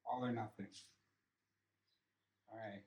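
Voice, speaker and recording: A man's voice: lowish voice, fairly even intonation, slow, creaky, reverberant, dull audio. A man giving his father a casual step-by-step lecture in a car, checking in with "okay?" as he goes. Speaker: son explaining a theory to his father. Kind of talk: casual lecture during a drive. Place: inside a car on the road. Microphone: dashcam mic.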